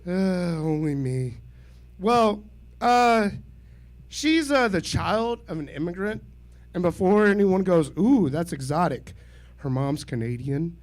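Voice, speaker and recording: A man in his thirties does stand-up at a small club mic. His voice sits high and he takes it slowly. He is deadpan and self-deprecating and chuckles at his own lines. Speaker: stand-up comedian. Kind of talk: stand-up set at an open mic. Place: small comedy venue.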